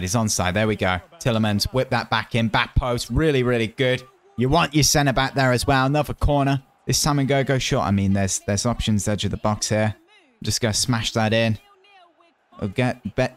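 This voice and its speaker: Excitable man commentating his own gameplay. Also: medium pitch. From United Kingdom. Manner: excitable, loud outbursts at near misses; chatty, muttering while planning. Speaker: gaming YouTuber.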